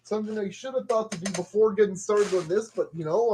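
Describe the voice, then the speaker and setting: A man's voice: sits high, brisk, hardly any pauses, a little mellow, slight background noise. A man building a model kit and commenting casually as he works, playfully talking to the parts. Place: at a work table.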